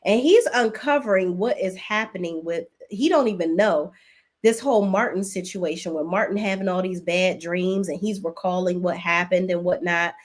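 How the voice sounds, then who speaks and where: Woman doing a chatty soap recap live, talks right to her chat, casual and animated, black vibe. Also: fairly low pitch, normal speed. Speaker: host.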